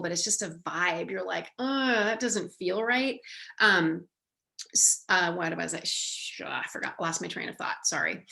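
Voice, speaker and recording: A woman's voice: mid-range voice, fairly bright tone. A woman sex educator giving a casual online training talk, chatty and candid, acting out short lines a parent might say.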